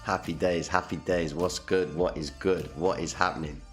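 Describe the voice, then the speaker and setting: A man's voice: low voice, fairly even intonation, normal speed, soft background music. A man hosting a casual live stream, talking in a hyped, slangy way and repeating his phrases, on a condenser mic. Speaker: livestream host.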